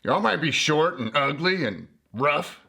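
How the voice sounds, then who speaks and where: A man's voice: a little high, expressive, a little slow, gravelly, pushed and bright, breathy edge, voice pushed up, heavily acted. A man doing a brash, cocky desert crag. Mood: swaggering. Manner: brash, boastful, swaggering. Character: cocky tough-talking personified desert crag, male.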